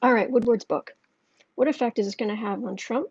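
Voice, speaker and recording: A woman's voice: on the high side, brisk, a little mellow, slightly rough. Rambling woman live-streaming a tarot reading. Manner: rambling, emotional, with many restarts. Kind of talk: casual live-stream chat, reading viewer comments aloud. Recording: dull, lo-fi sound.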